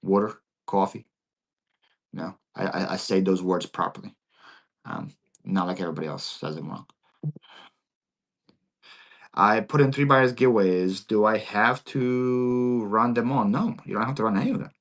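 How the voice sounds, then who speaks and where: A man with a Philadelphia accent, born in Ukraine, hosting a relaxed livestream Q&A for sellers. His voice sits a little low, and his talk keeps catching on repeated words and restarts. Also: gravelly. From Ukraine, raised in Philadelphia. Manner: halting, repeats words often. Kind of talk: casual livestream Q&A.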